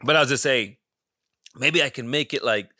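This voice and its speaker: A man hosting his own podcast, telling a long rambling story in a casual, profane, excitable way. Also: medium pitch, moderate pace, no room sound. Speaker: podcast host. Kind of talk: casual solo monologue.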